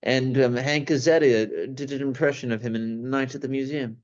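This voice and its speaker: A man's voice: medium pitch, fairly even intonation, moderate pace, muffled recording. A young man in casual chat, rambling with many restarts and plenty of enthusiasm. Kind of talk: casual chat about old movies.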